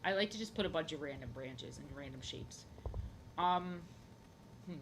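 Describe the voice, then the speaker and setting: A woman's voice: low voice, lively intonation, moderate pace, a little hiss or hum. A young woman chatting casually on her drawing stream, rambling, goofy and repeating herself. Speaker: art streamer.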